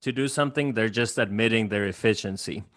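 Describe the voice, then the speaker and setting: Bright-voiced male podcast host. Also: lowish voice, a little fast, no room sound, clean studio sound. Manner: earnest, motivational, asks long questions. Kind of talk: interview host, casual conversation.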